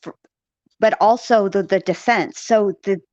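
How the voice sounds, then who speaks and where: A woman's voice: medium pitch, a little slow, a little mellow, no echo, lo-fi sound. A woman in casual conversation about a criminal case, rambling with fillers and restarts. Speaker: co-host discussing a criminal case. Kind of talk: casual chat.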